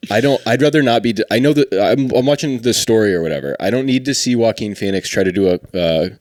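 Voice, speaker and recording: A man's voice: lowish voice, fast, a little mellow, no room sound. A man co-hosting a comedy podcast, chatting casually with dry jokes. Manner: dry, bits of silly impressions. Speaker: podcast co-host.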